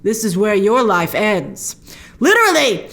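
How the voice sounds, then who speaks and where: A woman hosting a casual TV episode review, animated and quick to act out lines from the scenes in put-on voices. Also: mid-range voice. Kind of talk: casual chat.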